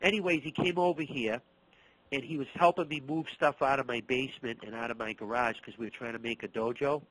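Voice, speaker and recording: A man's voice: medium pitch, fairly quick, poor audio. A middle-aged man from the Boston area, a martial arts instructor, telling stories in an interview and acting out the dialogue. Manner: animated storyteller, acts out dialogue, repeats words. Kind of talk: storytelling interview.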